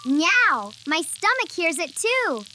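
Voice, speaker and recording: A woman's voice: very high-pitched, sing-song, slow, noisy background, exaggerated voice. A woman voicing a cheerful little cartoon cat cook who talks in short, simple phrases and meows often. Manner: sing-song, simple short phrases, meows between lines. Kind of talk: cartoon character narration. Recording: music playing underneath. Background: cartoon music.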